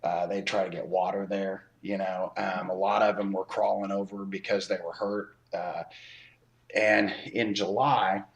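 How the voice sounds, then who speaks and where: A man co-hosting a casual podcast, telling a story slowly with many pauses and filler words. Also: low-pitched, flat delivery, gravelly, lo-fi sound. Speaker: podcast co-host.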